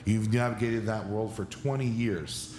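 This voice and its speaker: A man's voice: lowish voice, fairly even intonation, measured pace, darkish tone, a little hiss or hum. Podcast host man in a roomy space. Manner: earnest interviewer asking prepared questions. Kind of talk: podcast interview.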